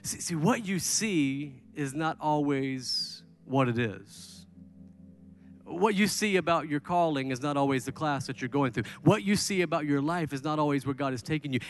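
A man preaching a sermon as pastor, animated, acting out people's voices as he talks. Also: a little high. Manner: animated, mimics people with raised voice.

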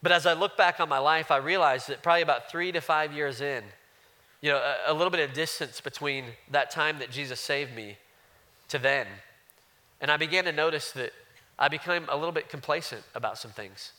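Pastor, man in his 30s, crisp forceful tone, earnest chatty sermon delivery with restarts. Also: on the high side, a little fast. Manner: earnest, conversational preaching with frequent restarts.

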